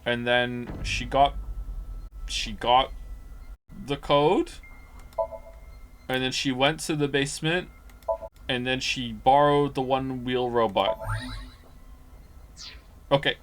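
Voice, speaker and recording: A man's voice: medium pitch, fairly even intonation, takes it slowly, long pauses, fairly bright tone, slight background noise. A man streaming a video game, giving casual, wry, reactive commentary.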